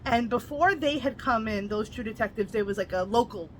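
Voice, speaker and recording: A woman's voice: on the high side, a little fast, a little hiss or hum, poor audio. A woman casually recapping and reviewing a novel, chatty, with lots of "like" and blunt asides. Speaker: book reviewer.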